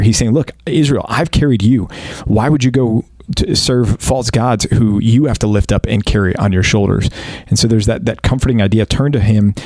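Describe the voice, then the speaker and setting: An American man co-hosting a casual Bible discussion, thinking aloud and reading verses slowly and deliberately. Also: on the low side, darkish tone, no echo. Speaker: podcast co-host.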